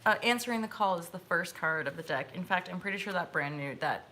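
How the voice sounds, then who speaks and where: Brief: woman, host of a live tarot stream, bright and bubbly, giggly, chatty. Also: on the low side, animated, quick pace, a little hiss or hum. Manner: bubbly and giggly, talks straight to viewers. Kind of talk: casual chat.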